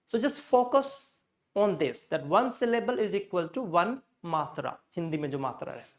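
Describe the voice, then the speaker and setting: A man's voice: sits high, lively intonation, rapid-fire. A man with an Indian English accent teaching English pronunciation from slides. He explains step by step, repeats words to demonstrate stress, and slips into Hindi now and then. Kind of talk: slide-based lesson.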